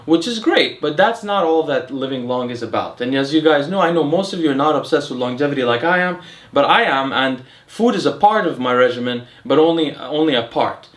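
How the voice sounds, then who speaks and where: A man's voice: fairly high pitch, expressive, fairly quick, a bit bright. A young man hosting a casual Q and A, talking in a rambling way with fillers and restarts. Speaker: host. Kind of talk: casual Q and A chat. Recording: echoey room.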